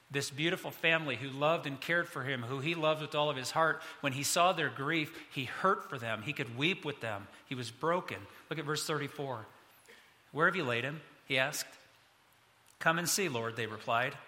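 A man's voice: fairly high pitch, bright, forceful tone. A man in his fifties, a pastor preaching a sermon in a conversational, self-deprecating way. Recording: long hall reverb.

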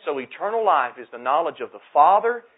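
A man's voice: on the high side, sing-song, a little fast, husky. Man preaching over a tinny line. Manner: emphatic, repeats key phrases. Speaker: pastor. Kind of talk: sermon. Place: church sanctuary at a pulpit. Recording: tinny phone-like sound.

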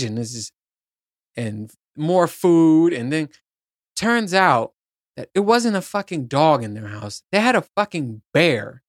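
A man hosts a podcast alone in a loose, rambling chat, and he swears as he goes. His voice sits at an ordinary middle pitch, and the sound is close and dry with no room echo. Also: animated, moderate pace. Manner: rambling, profane, laughs at his own points. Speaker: podcast host. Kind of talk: casual solo chat.

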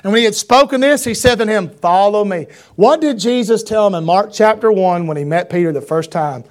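High-voiced animated male preacher. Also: brisk. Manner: animated preaching, reading scripture in King James wording, rising to shouts. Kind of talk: sermon.

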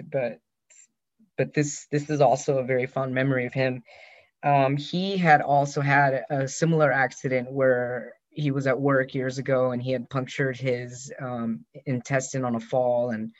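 A man hosts a personal podcast and tells a long story in a rambling, heartfelt way. He gets lively whenever he quotes his friend. The recording is dull and lo-fi, with a dry, close sound. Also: medium pitch, moderate pace, no echo. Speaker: podcast host.

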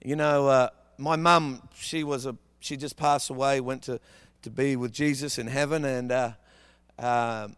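A man's voice: medium pitch, steady tone, a little slow, a bit bright, clean tone, dry recording. A man preaching as a guest speaker, telling humorous stories from his childhood in a loose, anecdotal sermon style.

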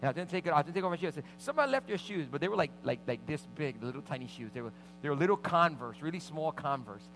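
A middle-aged man preaching as pastor, telling a lively personal story and acting out the voices of the people in it. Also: a little high, very fast, hardly any pauses, soft background music, poor audio. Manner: animated anecdotes with vivid quoted voices. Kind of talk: sermon storytelling.

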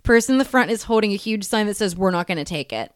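A woman co-hosting a podcast, chatting casually and profanely as she recaps a film, slipping into quick impressions. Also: mid-range voice, no room sound, studio quality. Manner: animated, profane, retells scenes with quick impressions. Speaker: podcast co-host. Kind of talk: casual movie-discussion chat.

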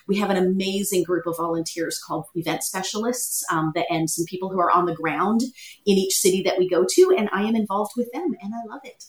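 A middle-aged Canadian woman chatting as a podcast guest, friendly and self-deprecating. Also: mid-range voice. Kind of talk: casual chat. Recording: echoey, distant from the mic.

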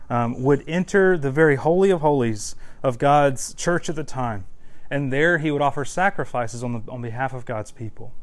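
A male pastor delivers a sermon in a loose, conversational way. His voice sits a little high for a man. He leans on repetition to hammer his points. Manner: conversational and emphatic, repeats words for stress.

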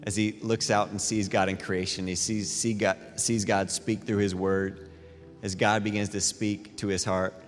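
A middle-aged man preaching a sermon as a pastor, telling animated, self-deprecating stories between scripture readings. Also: fairly low pitch, moderate pace. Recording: long reverb in a large hall with faint music.

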